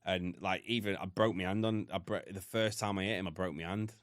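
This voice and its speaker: Deep-voiced British man telling a hard story. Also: steady tone, a little fast, no room sound. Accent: British English. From United Kingdom. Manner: blunt, heavy swearing, emotional retelling. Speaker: podcast guest. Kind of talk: candid storytelling.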